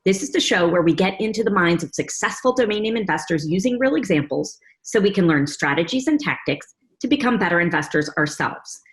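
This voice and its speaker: A woman's voice: lowish voice, expressive, brisk. Upbeat woman hosting a talk show. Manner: upbeat, chatty presenter. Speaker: host and executive producer.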